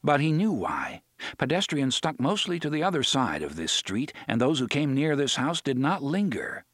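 A male narrator reads a dark novel aloud in a measured, dramatic way, lingering on the grim details. His mid-pitched voice sits right on a close studio mic. The sound is dry, with no room around it. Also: very animated, no echo. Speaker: audiobook narrator. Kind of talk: scripted audiobook narration.

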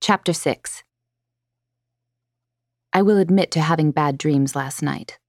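A woman narrating a first-person audiobook in a prim, precise and measured way, close to a studio mic. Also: low voice, a little mellow, no echo.

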